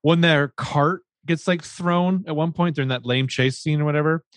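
A man co-hosting a podcast, casually reviewing a TV show, swearing often and joking in an animated way. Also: a little high, moderate pace, dry recording, clean studio sound. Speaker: podcast co-host.

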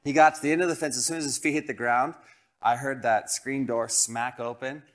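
A man pastor preaching with animated, self-deprecating storytelling, slipping into the voices of people in his story. His pitch sits in the middle of the range, and he talks with the ease of someone joking with his congregation. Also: fairly quick. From Colorado, United States. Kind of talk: sermon with personal storytelling.

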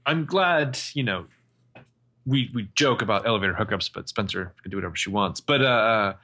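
A man's voice: lowish voice, normal speed, pushed and bright. A man co-hosting a casual podcast, riffing and joking about a TV episode. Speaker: podcast co-host. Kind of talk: casual chat.

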